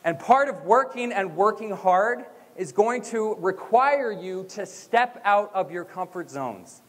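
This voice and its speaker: Energetic young man giving a graduation speech. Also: high voice, a little slow. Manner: energetic, leads chants with the crowd. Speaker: motivational speaker. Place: school gym or auditorium. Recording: long hall reverb.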